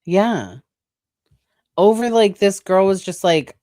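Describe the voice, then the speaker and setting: A woman co-hosting a casual podcast, talking in a relaxed, halting way full of fillers. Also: medium pitch, dry recording, studio quality. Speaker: podcast co-host. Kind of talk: casual chat.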